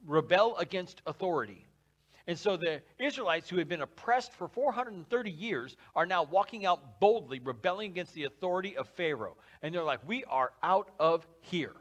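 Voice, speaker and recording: A man preaching a sermon, lively and conversational, acting out quotes from scripture and dropping his voice low for emphasis. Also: moderate pace. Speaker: pastor.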